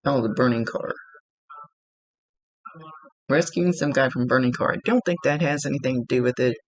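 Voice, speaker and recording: A woman gives a psychic reading in a gravelly, husky voice. She talks haltingly, pausing to search for the right words. The sound is dry and close, with no room around it. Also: rumbling low, dry recording, rough recording. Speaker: psychic medium. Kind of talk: giving a one-on-one reading.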